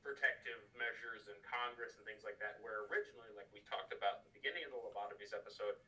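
Bright-voiced man, loose rambling podcast talk. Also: fairly low pitch, fast, recorded from a distance, rough recording. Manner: rambling, profane, heavy on filler words. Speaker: podcast co-host and researcher. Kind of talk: casual chat.

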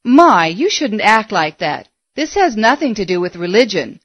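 A woman's voice: medium pitch, big pitch swings, normal speed, a bit bright, slightly rough, no echo. A woman voicing a persistent middle-aged woman astrologer who keeps coaxing and insisting. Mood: insistent.

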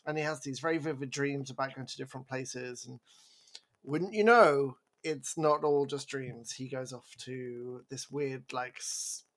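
A man co-hosting a podcast in casual chat, animated and rambling, laughing as he talks. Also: mid-range voice. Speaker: podcast co-host.

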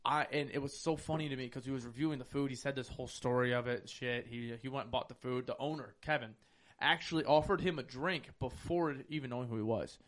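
A man chatting casually, telling stories in a fast, profane, animated way. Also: medium pitch. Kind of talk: casual chat.

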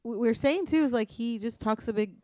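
Female podcast co-host, animated, slightly high voice, dry sound. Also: no echo. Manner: animated, acts out quotes, quick reactions. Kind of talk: casual chat about reality TV.

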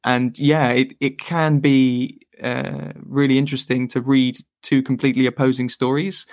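A man as a podcast guest, explaining his views thoughtfully with pauses and restarts. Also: mid-range voice, flat delivery, darkish tone, no echo, studio quality. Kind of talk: casual interview chat.

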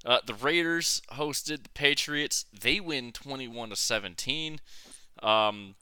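A man's voice: mid-range voice, slow, sharp tone, smooth, dry recording. A man co-hosting a casual sports podcast, blunt and a little profane, his sentences full of fillers and restarts. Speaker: podcast co-host.

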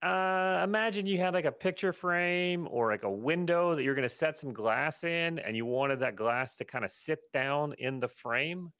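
A man's voice: fairly high pitch, normal speed, few pauses, a bit bright, clean tone, dry recording, studio quality, pitched above the performer's own voice. A man playing an awkward, rambling male customer who overshares in an improvised comedy sketch. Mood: explaining. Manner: rambling, self-deprecating.

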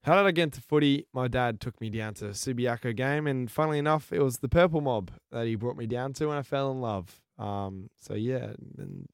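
A playful Australian man co-hosting a casual sports podcast, teasing his co-host and jumping between loud outbursts and mock grumbling. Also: medium pitch, brisk, creaky, few pauses, smooth, dry recording, studio quality.

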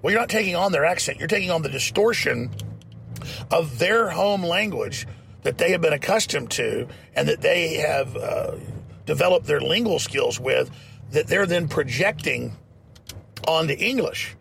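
A talk show host rants in a fiery, emphatic and mocking tone. His voice is very gravelly and pitched a little high. A faint hiss sits under it. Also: expressive, normal speed, a bit bright. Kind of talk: ranting political commentary.

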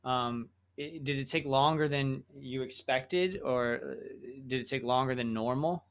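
A male podcast host chats with his guest in a voice of ordinary pitch. He sounds engaged and casual, curse words slipping in as he talks. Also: measured pace, clean tone. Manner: engaged, chatty, swears casually. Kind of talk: casual interview talk.

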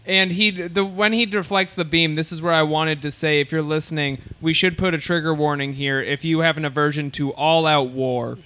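A man co-hosting a podcast, trading jokey deadpan asides in casual chat. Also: on the high side, normal speed, hardly any pauses. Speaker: podcast co-host.

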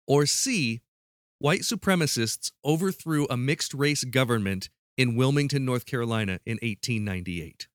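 A man's voice: medium pitch, expressive, normal speed, no room sound, studio quality. A man hosting a casual podcast quiz, playful and prone to restarting mid-sentence. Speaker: podcast host running a quiz.

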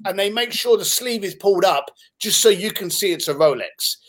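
A man in his fifties from London, with a London English accent, telling lively stories as an interview guest. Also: high voice, moderate pace. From London, England. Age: 50s. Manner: animated, swearing, laughs while telling stories. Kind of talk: casual storytelling in conversation.

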